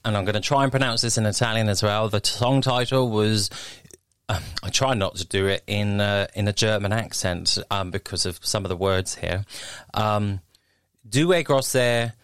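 A man's voice: fairly low pitch, moderate pace, fairly bright tone, smooth, no echo. A man presenting a radio show from a studio, cheery and upbeat with chatty asides.

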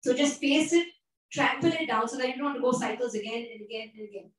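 A woman's voice: on the high side, fast. A woman preaching a sermon, emphatic, repeating phrases and asking her listeners questions. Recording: echoey room, voice from a distance.

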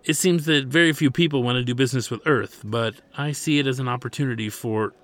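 A man's voice: mid-range voice, quick pace, faint music behind, close to an everyday voice. A man voicing a hot-tempered, lovesick young man, speaking with frustration. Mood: heated. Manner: heated, frustrated.

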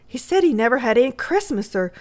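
A woman's voice: a little high, big pitch swings, fast talker, a little mellow, voice pushed up. A woman voicing an eager, sweet little girl in a readers' theatre story reading.

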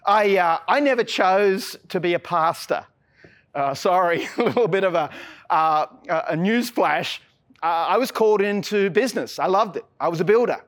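A man's voice: high voice, expressive, normal speed, fairly bright tone. An Australian man preaching a sermon as a pastor, earnest and casual, often repeating words as he starts a phrase. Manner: mixes in casual slang.

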